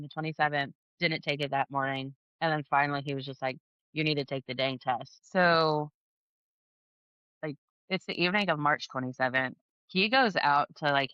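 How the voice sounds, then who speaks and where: A woman in her thirties, appearing as a podcast guest, tells her story in a chatty way, acting out dialogue and saying "like" a lot. Her low voice comes across pushed and bright with a clean tone. There's no echo, but the highs are cut off.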